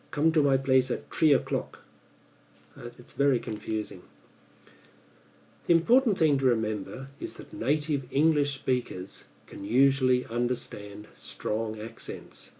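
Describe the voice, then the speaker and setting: An Australian man gives a prepared lesson. His voice is mellow and warm, and he speaks slowly. He pauses deliberately between phrases. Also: mid-range voice, rough recording. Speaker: English pronunciation teacher. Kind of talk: prepared instructional talk.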